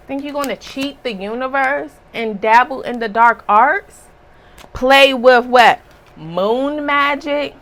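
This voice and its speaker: A woman's voice: fairly high pitch, fairly bright tone. A woman giving a casual spiritual reading, talking bluntly and emphatically with a scolding tone. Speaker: spiritual reader.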